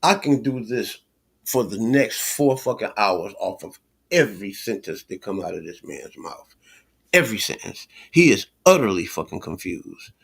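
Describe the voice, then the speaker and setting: A man's voice: fairly low pitch, expressive, normal speed, vocal fry, fairly bright tone, husky. A man streaming a reaction to a video, talking with heated scorn, repeating himself and swearing. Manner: scornful, repetitive, swears a lot.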